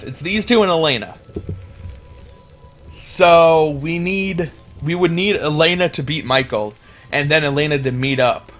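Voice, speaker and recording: A young man casting a video game match, rambling and chatty, getting excited at big plays. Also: fairly high pitch. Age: young adult. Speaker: game caster. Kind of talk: casual esports commentary.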